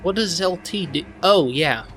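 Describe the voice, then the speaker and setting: A man talks his way through a game in a casual, rambling stream of commentary, poking fun at his own mistakes and swearing now and then. His voice sits a little high for a man, and clear game music plays behind him throughout. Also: lively intonation, measured pace. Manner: rambling, self-mocking, swears freely. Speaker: gaming channel host.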